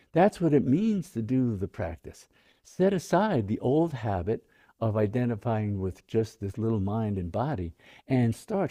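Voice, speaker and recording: A man teaching meditation, speaking slowly and gently in a guided meditation talk. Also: medium pitch, gravelly, breathy edge. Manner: slow, gentle, soft-spoken, drawn-out phrasing.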